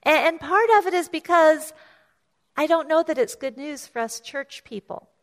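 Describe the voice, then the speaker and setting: A woman pastor preaching a sermon, retelling a scripture story in a conversational way, often restarting and repeating words and lifting her voice to act out the characters. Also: normal speed. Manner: storytelling, acts out voices of the story with raised pitch.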